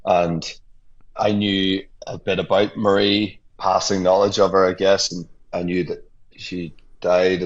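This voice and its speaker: Deep husky guy talking things over, laughs a lot, kinda muffled sound. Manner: reflective, laughs often, many restarts. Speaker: actor, guest. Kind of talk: casual radio conversation.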